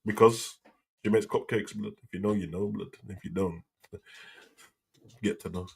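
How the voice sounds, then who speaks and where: A man's voice: lowish voice, fairly even intonation, moderate pace, vocal fry, breathy edge. A man hosting a live wrestling talk show, chatting in a slangy, opinionated way. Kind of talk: casual live reaction chat.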